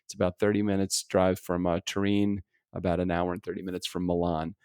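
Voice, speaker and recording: A man's voice: low voice, completely flat delivery, fairly quick, darkish tone, clear, resonant tone, no room sound, studio quality. An American man co-hosting a podcast in casual chat, rambling, laughing often and swearing freely. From United States. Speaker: podcast co-host. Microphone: remote podcast recording setup.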